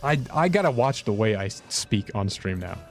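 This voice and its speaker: A young man streaming a game, chatting casually with viewers in a rambling, self-mocking way, his pitch jumping up and down. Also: very animated, moderate pace, soft background music. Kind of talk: casual gameplay commentary.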